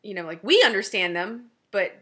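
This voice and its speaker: Woman, forties, Southern Louisiana accent, fast casual chat, bright voice, laughs a lot. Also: mid-range voice, very animated, slightly rough. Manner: fast-talking, laughs often. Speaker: knitting podcast host.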